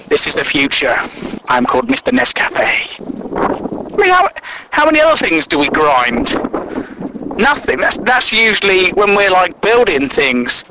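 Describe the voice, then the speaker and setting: A man's voice: high-pitched, wildly swooping pitch, moderate pace, noisy background. A man doing a stand-up comedy routine, sweary and incredulous, acting out both sides of imagined conversations.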